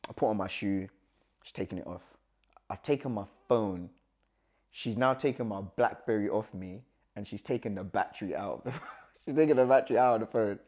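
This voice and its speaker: A young man telling a personal story as a guest, animated and acting out the dialogue, with nervous laughs. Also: lowish voice, brisk.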